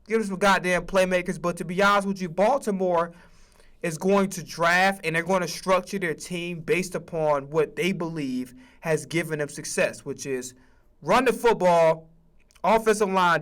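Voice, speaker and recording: A man's voice: sits high, a bit bright. A man streaming a casual sports rant, emphatic and profane, often stammering on restarts.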